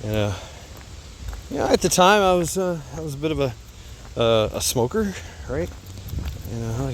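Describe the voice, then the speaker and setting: A man with a somewhat raised pitch spins a loose, casual story, cursing freely and tripping over restarts and fillers. He laughs often as he goes. A faint hum of a vehicle sits under his voice. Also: very animated, moderate pace, pauses often. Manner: rambling and profane, heavy fillers and restarts; laughs often while telling.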